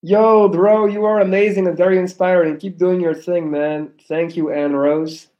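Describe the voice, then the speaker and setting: A man in his thirties from Belgium with an American accent, chatting loudly and animatedly on a live stream, cussing freely. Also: sits high, flat delivery, moderate pace, muffled recording. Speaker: livestreamer. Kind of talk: casual live stream chat.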